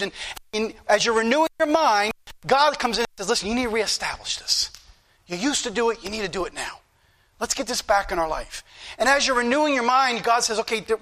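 A male preacher with a high, bright voice delivers an earnest sermon. He keeps returning to the same points and reads scripture aloud before explaining it to the congregation.

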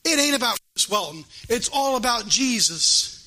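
High-voiced, bright preacher. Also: male voice, lively intonation, moderate pace, rough recording. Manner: fervent preaching with rising chanted cadence. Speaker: pastor. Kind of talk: sermon. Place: church.

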